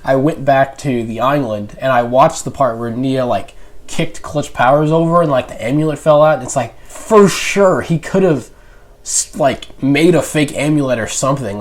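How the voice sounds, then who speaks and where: Young man rambling through a casual review. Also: medium pitch. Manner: rambling, many fillers and restarts. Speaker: YouTube reviewer.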